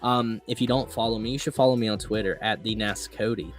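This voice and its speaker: A man's voice: on the low side, steady tone, quick pace, faint music behind. A man hosting a casual podcast chat, laid-back and profane, laughing often. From East Tennessee. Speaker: podcast host. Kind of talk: casual race-reaction chat.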